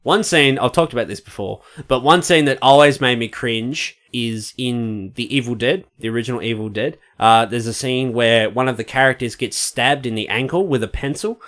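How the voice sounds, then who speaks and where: A bright, forceful man who co-hosts a casual podcast and tells a story with plenty of energy. He acts out the quoted shouts himself and swears freely. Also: mid-range voice, moderate pace, hardly any pauses. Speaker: podcast co-host.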